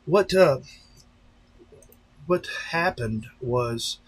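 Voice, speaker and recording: He's a pastor and drone-racing streamer, chatting casually and straight to his live-stream viewers in a rambling way. His mid-range, husky voice is expressive and extremely slow.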